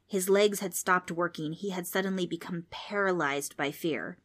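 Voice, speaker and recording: A woman reading a children's storybook aloud as narrator, steady and expressive. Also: lowish voice, normal speed.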